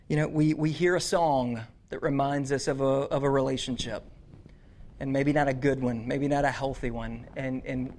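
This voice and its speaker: A man's voice: on the high side, darkish tone. A man preaching a conversational, earnest sermon to teenagers. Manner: conversational, earnest, repeats words. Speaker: youth pastor.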